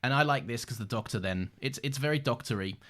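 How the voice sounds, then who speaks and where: A man's voice: mid-range voice, quick pace, fairly bright tone. A man co-hosting a casual rewatch podcast, enthusiastic, reading from his notes and laughing often. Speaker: podcast co-host.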